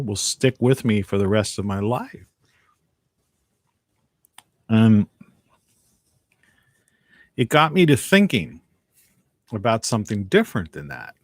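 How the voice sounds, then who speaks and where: A man's voice: on the low side, no echo. A man hosting a casual live stream from home, rambling and reflective, often trailing off mid-thought. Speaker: live video host.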